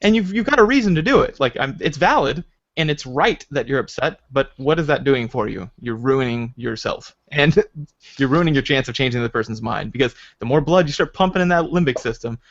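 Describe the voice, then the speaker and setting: A man hosting a casual podcast chat, rambling and animated, with lots of restarts and "like" fillers. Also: medium pitch, brisk. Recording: slightly dull lo-fi recording.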